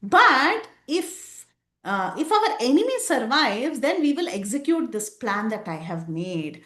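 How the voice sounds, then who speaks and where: A woman voicing a smug, scheming male demon counselor who lays out a trick with eager, rising excitement, in a roomy, echoing space. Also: unhurried, heavily acted. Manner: excited, persuasive, pitch rising. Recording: roomy echo.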